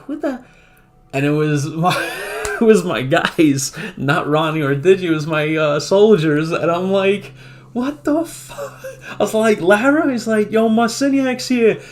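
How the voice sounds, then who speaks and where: Male streamer, casual storyteller, lively and profane, average pitch. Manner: animated, laughs often, swears, acts out quotes.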